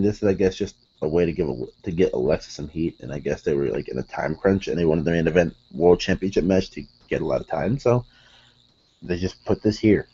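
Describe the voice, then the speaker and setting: A man's voice: low-pitched, dark tone, slightly rough, lo-fi sound. A man hosting a podcast, recapping a wrestling show in a casual, rambling way full of fillers and self-corrections, in a room with curtains behind him. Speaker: podcast host.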